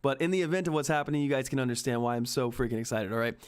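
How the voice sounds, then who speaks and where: A man hosting a stock trading livestream, giving excited market commentary and constantly addressing viewers as guys. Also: mid-range voice, very fast, clear, resonant tone. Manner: excitable, keeps addressing viewers as guys and asking "all right?".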